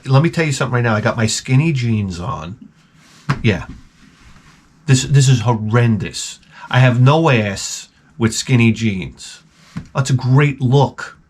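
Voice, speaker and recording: A man's voice: medium pitch, measured pace, a little hiss or hum. Profane, rambling comedic man. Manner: profane, swears constantly; rambling, jumps between jokes. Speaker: host of a retro gaming channel.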